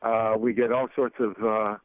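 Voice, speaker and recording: A man hosting a radio show, talking in a halting, folksy way full of ums and uhs. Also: on the low side, level tone, no echo. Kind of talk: casual radio interview. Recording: dry, tinny phone-like broadcast audio.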